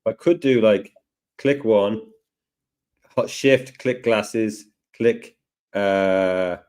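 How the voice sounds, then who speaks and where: A man hosting a live software lesson, chatting and joking as he thinks aloud through each step. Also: lowish voice, drawn-out words. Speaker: tutorial host.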